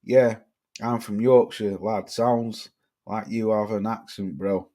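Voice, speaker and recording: A man's voice: lowish voice, steady tone, takes it slowly, warm tone. A man from Cheshire, hosting a livestream, reading chat comments and ranting bluntly with plenty of swearing. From Cheshire, England. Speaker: livestream host.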